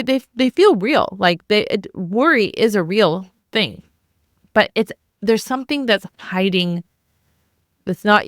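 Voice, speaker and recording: A woman's voice: mid-range voice, fairly bright tone, no echo, studio quality. A woman hosting a self-help podcast as a life coach, talking in a conversational way with lots of restarts and fillers.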